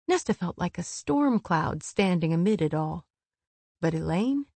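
A woman reads a novel aloud in a calm, measured way. Her voice is lowish and her pace slow, and the recording is close and dry with no room sound. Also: vocal fry, no room sound. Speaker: audiobook narrator. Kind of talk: scripted narration.

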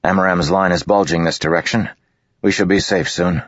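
A man's voice: low-pitched, steady tone, brisk, a bit bright, no room sound, highs cut off, pitched above the performer's own voice. A man voicing a stern young male squad leader who gives clipped, firm orders in a storybook. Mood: commanding.

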